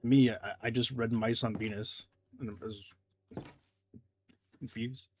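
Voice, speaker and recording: A man's voice: medium pitch, little pitch movement, measured pace, faint music behind. Rambling male gaming streamer. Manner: rambling, self-deprecating, reading chat. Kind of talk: casual gameplay commentary.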